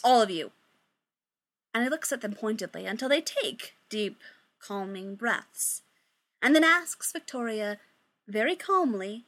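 A woman's voice: on the high side, bright, forceful tone. A woman reading a story aloud in a chatty way, swearing and breaking off for joking asides. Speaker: story reader. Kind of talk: reading fan fiction aloud.

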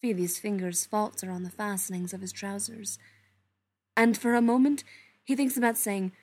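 A woman reading a story aloud, softly and unhurriedly, often dropping to a hush. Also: mid-range voice, fairly even intonation. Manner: soft, unhurried, often hushed. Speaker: reader. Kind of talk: storybook narration read aloud.

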